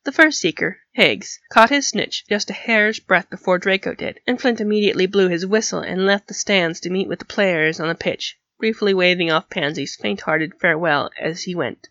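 A woman narrating an audiobook in an even, steady manner. Her voice sits a little low with a gravelly edge. The recording is dry and dull. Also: moderate pace, hardly any pauses, no echo. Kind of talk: audiobook reading of fan fiction.

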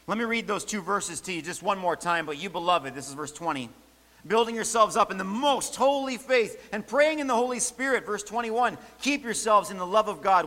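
Male preacher, bright forceful tone, emphatic repetition, long church reverb. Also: sits high. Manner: emphatic, repeats key phrases. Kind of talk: sermon.

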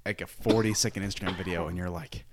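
A man as a podcast guest in casual chat, relaxed, with dry asides. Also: low-pitched, fast talker, background noise.

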